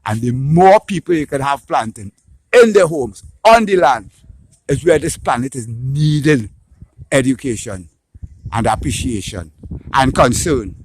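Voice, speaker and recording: A man's voice: medium pitch, a little slow, breathy edge, no echo. A man with a Trinidadian accent in a casual, opinionated monologue, ranting with swearing and often tagging his points with "right?". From Trinidad and Tobago. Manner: animated, ranting, swears, tags lines with "right?".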